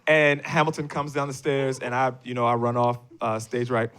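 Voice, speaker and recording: A stage actor on a panel, telling an excitable anecdote and acting out his own panicked lines. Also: medium pitch, normal speed, clear, resonant tone. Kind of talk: animated live anecdote. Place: stage panel before a live audience.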